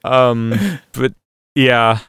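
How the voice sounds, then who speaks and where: A man's voice: medium pitch, steady tone, extremely slow, fairly bright tone, clean tone, no room sound, studio quality. Knowledgeable male podcast co-host. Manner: knowledgeable, explains and corrects. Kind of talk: casual chat.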